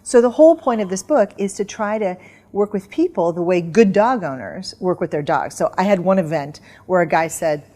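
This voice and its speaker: Middle-aged woman chatting in an interview, acts out little voices, lively. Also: lowish voice, normal speed. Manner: animated storyteller, acts out dog commands. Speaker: interview guest, author. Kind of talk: casual interview chat.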